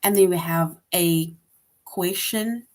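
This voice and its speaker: A woman teaches a class of young children, her voice sitting a little low. She explains patiently, says each point more than once and keeps checking with "right?". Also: slow, darkish tone. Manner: patient and repetitive, often adds "right?". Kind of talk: online grammar lesson for young children.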